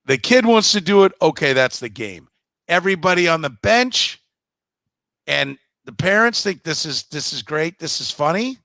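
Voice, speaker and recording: A man's voice: on the high side, animated, moderate pace, creaky, pushed and bright, no echo. Blunt, foul-mouthed man on a podcast. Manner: blunt, profane, mocking imitations. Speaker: podcast co-host. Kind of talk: casual sports talk.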